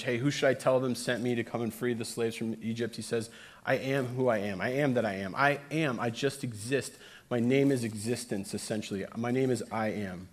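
A middle-aged pastor gives a sermon in a relaxed, chatty way. He reads scripture and breaks off for jokes and personal asides. His voice sits in an ordinary middle range for a man. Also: mid-range voice. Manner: conversational preaching with asides and humor.

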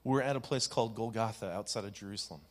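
A man, a pastor, leading a congregation through a gentle guided meditation with easy fillers. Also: on the low side, fast. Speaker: youth pastor.

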